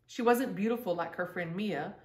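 A woman's voice: mid-range voice, moderate pace, far from the mic. Woman reading a storybook aloud. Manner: gentle, lively read-aloud with asides to listeners. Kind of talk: children's book read-aloud. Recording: echoey room, voice away from the mic.

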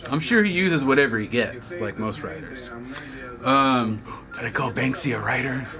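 A man's voice: medium pitch, moderate pace. A man hosting his own video, reading viewer comments aloud and answering with wisecracks and laughs. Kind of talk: casual chat.

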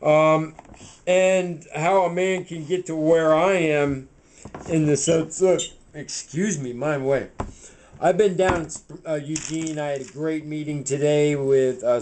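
A man hosts a home cooking show from his kitchen, rambling loosely to the camera as he cooks, with fillers like "man" and "right." His voice is a little high, a little mellow and a little slow with fairly even intonation. The rough recording has a bit of hiss or hum.

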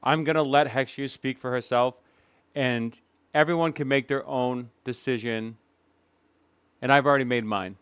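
Male reaction commentator, indignant and emphatic, smooth voice. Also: mid-range voice, fairly even intonation, a bit bright, dry recording. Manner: emphatic, indignant, with dramatic pauses. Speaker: commentary YouTuber.

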